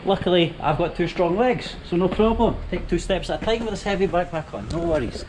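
A man's voice: sits high, animated, a little fast, background noise. Chatty Scottish man vlogging. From Scotland. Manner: chatty, self-narrating while walking. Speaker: travel vlogger. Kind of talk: casual travel vlog.

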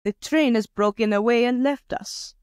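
A woman's voice: fairly high pitch, moderate pace, a little mellow, smooth, no room sound, clean studio sound, voice pushed up, close to an everyday voice. A woman voicing a timid male traveler who talks anxiously and exclaims often.

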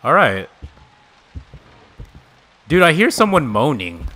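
A man's voice: on the high side, huge pitch swings, takes it slowly, bright, forceful tone, faint music behind. A man streaming a horror game live, talking to his chat, swearing often and shrieking when startled. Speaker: gaming streamer. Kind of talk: live gameplay reaction.

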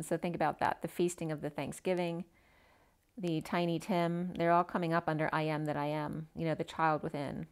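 Gentle woman reading tarot, low voice. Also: flat delivery, moderate pace, clear, resonant tone. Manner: gentle, reads oracle card text aloud. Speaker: tarot reader.

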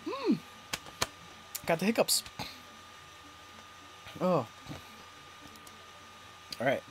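A man giving casual, playful gameplay commentary, reading game text aloud and getting excitable. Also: high voice, very slow, slight background noise. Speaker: let's play host.

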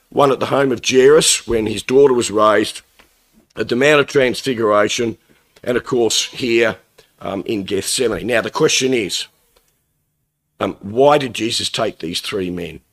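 A middle-aged man preaching in a plain conversational way, earnest about his point and stopping often to quote verses from different translations. His voice sits at an ordinary, mid-range pitch for a man. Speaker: lay preacher. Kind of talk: Bible talk, thought for the day.

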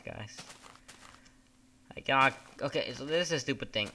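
A man talks through a game in a loose, casual commentary, drifting from topic to topic. His voice is bright and forward, and he swears freely and gets irritated quickly. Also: medium pitch, slight background noise. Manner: rambling, swears often, easily annoyed. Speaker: gamer.

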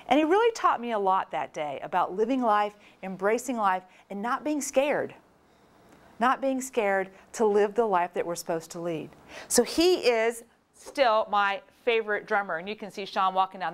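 A woman from Florida giving a storytelling talk, animated and acting out the voices of people in her story. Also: mid-range voice, normal speed. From Florida, USA. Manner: animated, acts out quoted voices. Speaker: speaker.

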